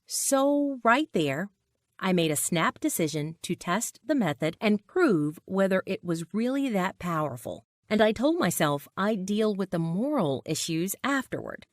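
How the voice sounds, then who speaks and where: A woman's voice: mid-range voice, very animated, unhurried, dry recording, studio quality. A woman narrating a dramatic personal story in a scripted read.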